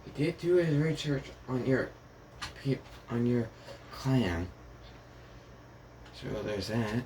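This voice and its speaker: A man voicing a friendly older male ramen shop owner in a calm, low-key way. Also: slow pace, a little hiss or hum.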